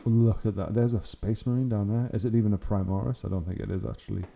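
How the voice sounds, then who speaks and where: A man's voice: on the low side, steady tone, fast talker, vocal fry, dark tone. A young man hosting his channel, giving casual, enthusiastic commentary on hobby photos and laughing often. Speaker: channel host.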